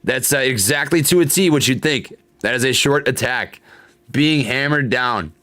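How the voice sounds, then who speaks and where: At a normal speed, the young man's mid-range voice sounds pushed and bright while he hosts a live stock-trading stream. He chats casually about charts, reads messages from chat aloud, and vents, swearing and laughing through his frustration.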